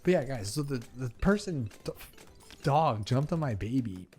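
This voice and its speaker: A man's voice: mid-range voice, lively intonation, normal speed, a little mellow, soft background music. A man giving casual commentary over gameplay, rambling into talkative, emphatic stories and sounding exasperated. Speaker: gaming video creator.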